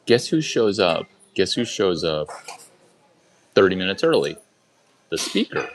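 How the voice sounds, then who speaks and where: Low-voiced man spinning a rapid anecdote. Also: sing-song, slight background noise, poor audio. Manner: rapid-fire, repeats lines, fires rhetorical questions at listeners. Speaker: storyteller speaking to a group. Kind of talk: casual anecdotal storytelling.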